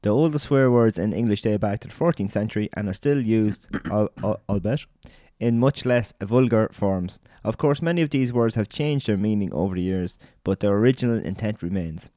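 A man's voice: on the low side, a little fast, hardly any pauses, warm tone, no echo, clean studio sound. A man co-hosting a podcast in casual chat, reading facts aloud from his notes. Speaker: podcast co-host.

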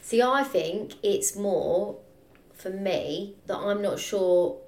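A woman's voice: medium pitch, slow, a little mellow, distant mic. Tipsy woman in an echoey room. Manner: rambling, unsure, laughing. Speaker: podcast co-host. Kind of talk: casual chat.

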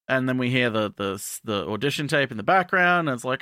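A man's voice: medium pitch, animated, quick pace, few pauses, bright, forceful tone, clean tone, no room sound, studio quality. A man co-hosting a casual, joking anime podcast, rambling and restarting as he recaps episodes. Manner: rambling, restarts, mock-dramatic asides. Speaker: podcast co-host.

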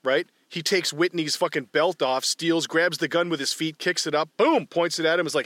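A man in casual movie commentary chat, retelling scenes in a profane, animated way. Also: on the high side, moderate pace, no room sound. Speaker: podcast co-host.

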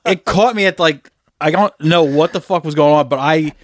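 A man co-hosting a podcast, chatting casually, swearing freely, and retelling comedy movie scenes with lively impressions. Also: on the high side, moderate pace, no echo. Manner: animated storytelling, swearing, acting out movie lines. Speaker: podcast co-host. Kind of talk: casual chat.

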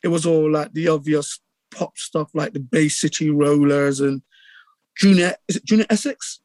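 A middle-aged man with a Bristol accent, telling stories in a casual interview with lively acted-out quotes and many restarts. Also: fairly high pitch, normal speed, no room sound. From England. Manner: animated storyteller, acts out quotes, many restarts. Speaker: radio DJ guest.

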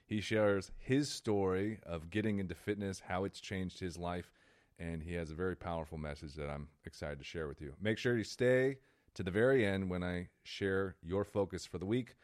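A man's voice: low-pitched, steady tone, moderate pace, dry recording. A man with a Texan accent hosting a podcast and interviewing a guest in an upbeat, enthusiastic way. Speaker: podcast host. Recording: dry, close mic.

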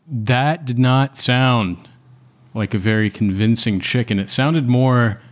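A man narrating as game master in a tabletop game, relaxed and unhurried, with frequent fillers. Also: medium pitch.

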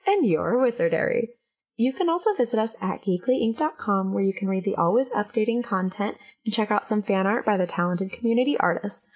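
A woman reading a scripted, upbeat promotional outro for a podcast. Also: medium pitch. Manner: upbeat, smooth promo delivery.

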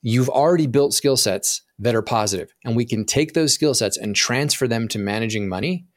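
Clean, dry studio audio captures a male profit coach as a podcast interview guest. His mid-range voice moves fairly quickly as he explains animatedly, voices his inner thoughts, and frequently trips over and restarts his sentences.

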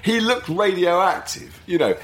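A male radio presenter chatting casually and telling animated, rambling anecdotes. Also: high voice, measured pace, a little hiss or hum. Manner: animated, laughing, rambling storyteller. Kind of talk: casual chat.

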